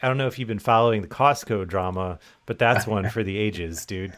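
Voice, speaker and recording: A man's voice: lowish voice, fairly quick, fairly bright tone. A man co-hosting a podcast in casual chat, sardonic and dry, swearing freely. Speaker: podcast co-host.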